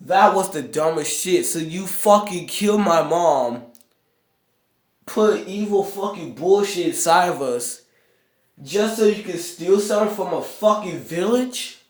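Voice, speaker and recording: Slow, profane ranting game reviewer. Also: medium pitch, animated, reverberant. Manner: profane, exasperated ranting with outbursts. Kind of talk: ranting gameplay commentary.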